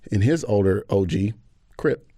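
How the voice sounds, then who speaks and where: A man from Atlanta, a podcast guest telling a story with animated energy and acted-out quotes. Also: on the low side, normal speed, dry recording, studio quality. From Atlanta, USA. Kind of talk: casual conversation.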